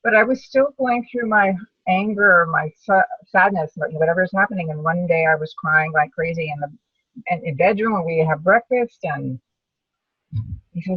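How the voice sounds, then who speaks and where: Husky woman on a distant video call. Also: on the low side, moderate pace, dry recording, lo-fi sound. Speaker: brain tumor survivor panelist. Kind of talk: personal story in a webinar.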